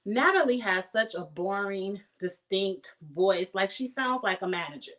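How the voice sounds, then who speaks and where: A woman's voice: medium pitch, lively intonation, unhurried, a bit bright, rough recording. Woman, casual TV recap host, chatty and playful, sassy asides. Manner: chatty, playful, acts out quotes in sassy voices. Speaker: show reviewer.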